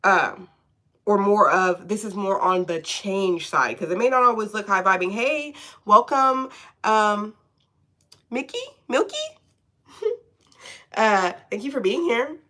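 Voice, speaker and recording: A woman's voice: medium pitch, unhurried, a bit bright. A woman giving a casual live tarot reading from home, chatty and often checking in with "okay?". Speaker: tarot reader.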